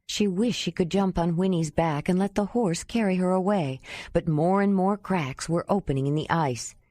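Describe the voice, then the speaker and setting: A woman audiobook narrator reads scripted narration in a mellow, low voice at a normal speed. The recording is dry and studio quality.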